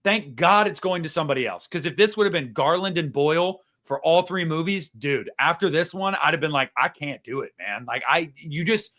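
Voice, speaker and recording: A man's voice: fairly high pitch, brisk, few pauses, pushed and bright. A young man co-hosting a casual film review chat, ranting and swearing in exasperation. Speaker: podcast co-host.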